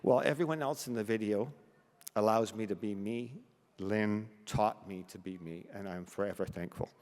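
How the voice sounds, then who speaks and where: An older man from Canada giving an emotional acceptance speech, self-deprecating and halting, sometimes close to tears. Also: fairly low pitch, a little mellow. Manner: self-deprecating humor, halting restarts, fighting back tears. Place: large banquet hall. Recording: long reverb of a large hall.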